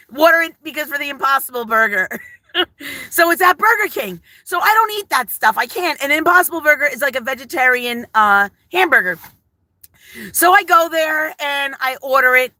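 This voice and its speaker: A woman's voice: sits high, pushed and bright, dry recording, low-quality recording. An older woman chatting effusively on a live stream, rambling and greeting viewers as she talks. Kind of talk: casual live-stream chat.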